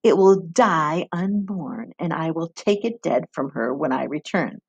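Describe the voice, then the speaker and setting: A harsh, greedy midwife speaks with cold scorn and a gravelly, raspy grain. The voice is blunt and dismissive. A woman reading aloud does her in a dry, close recording. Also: deep voice, a little slow, no echo, muffled recording, heavily acted. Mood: cold, scornful.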